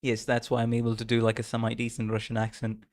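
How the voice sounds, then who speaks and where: A man's voice: medium pitch, completely flat delivery, fast talker. A man streaming a story game, chatting casually in a playful, self-mocking way and laughing often. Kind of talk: casual live-stream chat while reading a game story.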